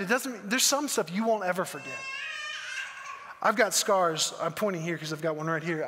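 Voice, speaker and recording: A male pastor with a bright, high voice delivers a sermon in a church auditorium, preaching earnestly and conversationally with rhetorical questions. The hall adds a long reverb to the recording.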